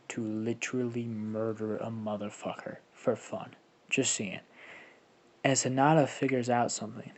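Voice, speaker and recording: A man's voice: medium pitch, steady tone, a little slow, darkish tone. A young man telling a fan-fiction story in a casual, rambling way, swearing often and laughing at his own jokes. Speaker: fan-fiction narrator and channel host.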